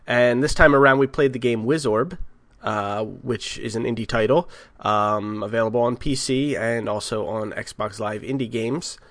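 Chatty host with a New Jersey accent. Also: male voice, mid-range voice, fairly even intonation, moderate pace, fairly bright tone, dry recording. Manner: chatty, self-deprecating, stumbles over words. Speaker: podcast host. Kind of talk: casual podcast chat.

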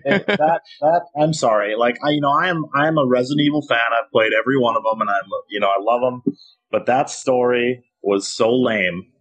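A man's voice: mid-range voice, brisk, fairly bright tone, slightly rough, lo-fi sound. A man co-hosting a gaming podcast in casual chat, rambling and chatty, laughing as he talks.

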